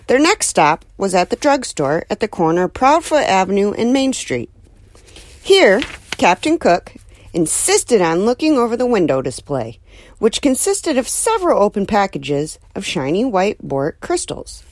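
A woman reads a children's novel aloud as an audiobook, telling it expressively. Her pitch moves a great deal through the lines, sitting mid-range for a woman. The recording is close and dry. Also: a little slow, no room sound. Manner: expressive, animated storytelling. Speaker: narrator.

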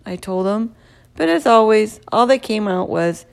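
A woman narrating a children's story in a lively, expressive storybook reading. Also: medium pitch, unhurried, creaky.

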